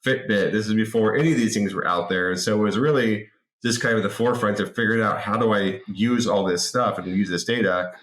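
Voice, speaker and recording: A man in his forties telling an anecdote as a podcast guest in a lively, casual way, often repeating words. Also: on the low side, brisk. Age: 40s. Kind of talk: casual interview storytelling. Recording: roomy echo.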